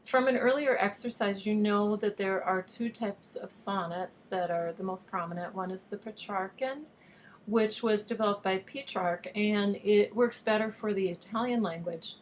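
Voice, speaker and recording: A woman's voice: mid-range voice, normal speed, a little hiss or hum. A woman teacher giving a patient, explanatory recorded video lesson, at times reading verse aloud with an overstressed rhythm. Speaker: online high school teacher.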